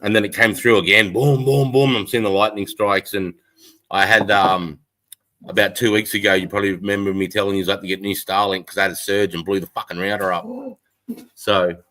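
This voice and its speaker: Laid-back sweary Australian man, low-voiced. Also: steady tone, brisk, bright, forceful tone, rough recording. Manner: laid-back, sweary, greets chat by name. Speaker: livestream host. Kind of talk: casual live-stream chat. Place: front porch, outdoors.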